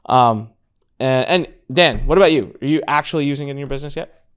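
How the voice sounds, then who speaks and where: A man in his thirties hosting a casual business talk, telling a story with lively acted-out quotes. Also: medium pitch, a little fast, clean tone. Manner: animated storytelling, acts out quotes. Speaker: podcast host.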